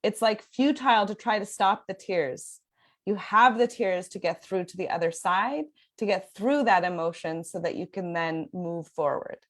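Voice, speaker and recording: A young adult woman talks in a podcast conversation, voice sitting in a middle pitch. She speaks earnestly in long flowing sentences, often breaking into laughter. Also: moderate pace. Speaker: parenting sleep coach guest.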